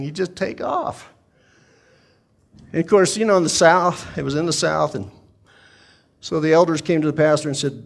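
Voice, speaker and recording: A man preaching a sermon, telling a story in an animated way that breaks into shouts. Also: fairly high pitch, normal speed, gravelly, long pauses. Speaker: pastor.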